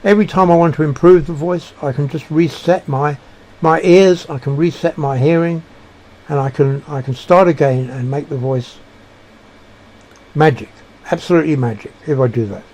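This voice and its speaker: A man giving a reflective monologue, halting and searching for words with frequent restarts. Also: a little high, a little mellow. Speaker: speaker sharing personal beliefs.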